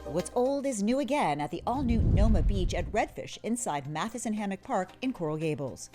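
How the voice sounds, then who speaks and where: A woman's voice: medium pitch, sing-song, normal speed. A woman hosting a TV news food feature, narrating and tasting with upbeat relish. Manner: upbeat, savoring food descriptions. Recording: music bed under voice.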